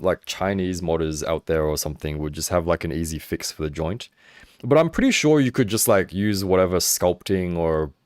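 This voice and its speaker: A young man hosting a casual livestream about action figures, chatty and expressive, swearing freely and laughing as he answers viewers. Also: low-pitched, dry recording, studio quality. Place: home in Hong Kong.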